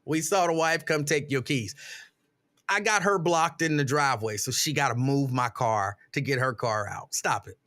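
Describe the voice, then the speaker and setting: Middle-aged guy hosting a live stream, bright tense voice, big exasperated storytelling. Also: mid-range voice, normal speed. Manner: animated, exasperated storytelling with mock outrage. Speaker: show host reading live comments.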